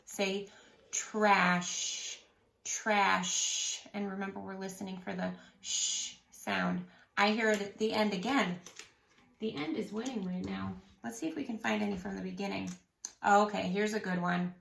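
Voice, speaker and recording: A woman's voice: mid-range voice, steady tone, gravelly, roomy sound. A woman teaching a phonics lesson to young children, patiently stretching out each word. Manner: slow, patient, drawn-out sounding of words.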